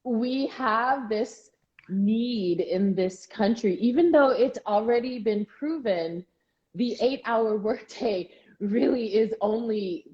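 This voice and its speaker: A woman co-hosting a casual chat, talking in quick asides with frequent restarts. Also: fairly high pitch, mellow, dull audio. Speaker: co-host.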